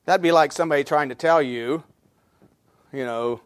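Pastor, male, high voice, plain sermon delivery with fillers, dry close recording. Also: moderate pace, clean tone, no room sound. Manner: reads scripture in old English then explains it in plain talk; frequent fillers and repeated words between verse references.

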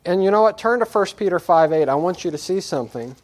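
A man preaching a sermon, moving from quiet reflection to raised, emphatic scripture reading. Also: high-pitched, expressive, quick pace. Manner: earnest, repetitive exhortation.

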